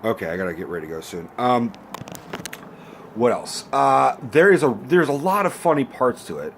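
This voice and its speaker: A man's voice: mid-range voice, big pitch swings, moderate pace, gravelly, a little hiss or hum. A man giving a casual, rambling movie review rant, swearing freely and filling gaps with ums and likes. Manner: rambling and profane, full of fillers. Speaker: film reviewer.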